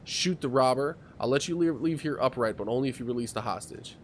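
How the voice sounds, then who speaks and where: A man's voice: mid-range voice, a little fast, slight background noise. A man streaming a game, chatting casually, reading the game text aloud and asking viewers to help him decide. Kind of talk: casual gameplay commentary. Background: game music.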